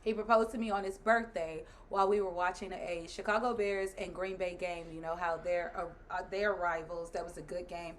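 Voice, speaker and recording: A woman in her thirties, a guest and the host's wife, telling a story in casual chat, animated and laughing as she acts out other people's lines. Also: lowish voice, moderate pace, few pauses, a little hiss or hum.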